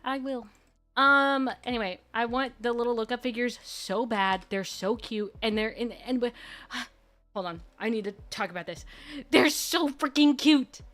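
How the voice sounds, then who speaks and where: A woman streamer chatting casually, gushing and rambling excitably. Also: a little high, normal speed. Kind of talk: casual live-stream chat. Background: faint background music.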